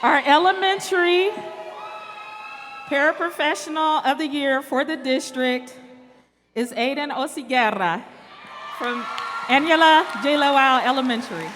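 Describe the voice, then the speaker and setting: Woman, assembly announcer reading names slowly; high, bright voice, reverberant hall sound. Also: noisy background. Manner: reads names slowly and calls winners up. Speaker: awards announcer. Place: large school hall or auditorium. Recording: reverberant hall, faint ambience.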